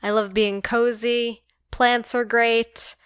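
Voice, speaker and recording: A woman's voice: fairly high pitch, takes it slowly, clean tone, no echo. Brief: female podcast co-host, easygoing and laughing, dry close mic. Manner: laughs easily, relaxed and friendly. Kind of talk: casual chat.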